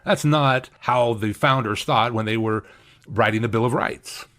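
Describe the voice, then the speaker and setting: A man's voice: medium pitch, measured pace, a bit bright. A man preaching a sermon, emphatic and repeating key phrases for stress. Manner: acts out quoted speakers in shifted voices. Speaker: pastor.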